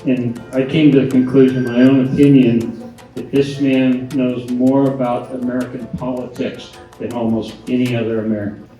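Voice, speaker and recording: A man's voice: mid-range voice, little pitch movement, moderate pace, dark tone. A man introducing a guest speaker with enthusiasm, hesitating now and then with fillers. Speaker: event organizer introducing the speaker. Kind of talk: admiring introduction. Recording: distant, dull, echoey hall mic with music.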